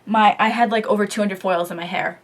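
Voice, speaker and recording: A young woman casually telling a story in a beauty vlog, chatty and animated, full of "like" and "um", talking straight into a camera mic. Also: medium pitch, fairly quick. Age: young adult. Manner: chatty, lots of "like" and "um"; animated storytelling, quoting others. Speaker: beauty vlogger.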